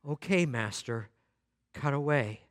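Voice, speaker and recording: Casting: humble male bamboo plant, stammering pleas, high and bright, voiced by a man telling a sermon story. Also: slow pace, no room sound, clean studio sound. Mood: humbly resigned. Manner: stammering, pleading in high cries.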